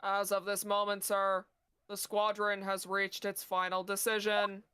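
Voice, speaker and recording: A woman's voice: mid-range voice, completely flat delivery, unhurried, very noisy, natural voice. A woman voicing a proud old male jury foreman who speaks formally to the court, over background music. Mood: solemn.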